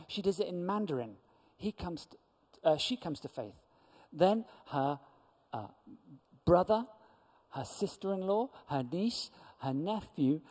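Male church speaker, animated storyteller, voice a touch high, reverberant hall. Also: breathy edge. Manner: lively storyteller who acts out quoted voices. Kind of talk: storytelling testimony talk.

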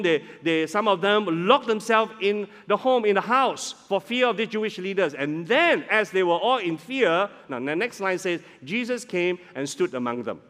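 A man preaching a sermon, animated, acting out voices and swinging between loud and soft. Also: high-pitched. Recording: long hall reverb.

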